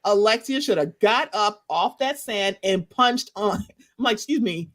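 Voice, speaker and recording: A woman, a podcast guest in casual gossip chat, animated and often acting out quoted reactions with laughter. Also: medium pitch, unhurried.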